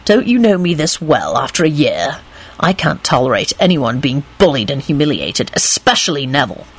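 A woman voicing a blunt, sardonic man who speaks gruffly and curtly. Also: deep voice, sing-song, moderate pace, exaggerated voice. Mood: scolding.

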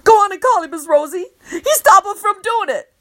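Woman doing a hissing voodoo queen, bossy, high and sharp, storybook character. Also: expressive, a little slow, heavily acted. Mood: urgent. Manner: hissing, bossy, dialect grammar.

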